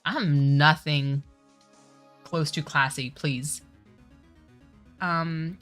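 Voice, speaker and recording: A woman's voice: sits low, slow, pauses often, a bit bright, faint music behind. A woman streamer, chatting casually over a game, giggling and correcting herself often. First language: French. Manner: giggly, apologetic, self-correcting. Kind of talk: casual let's-play commentary.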